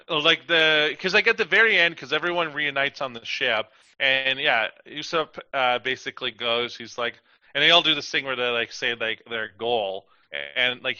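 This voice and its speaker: A man co-hosts a casual podcast, hedging and halting as he talks. His voice is very sharp and bright. It is recorded on a dry, dull, lo-fi mic. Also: medium pitch, no room sound. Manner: hesitant, hedging, with many filler "likes". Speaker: podcast co-host.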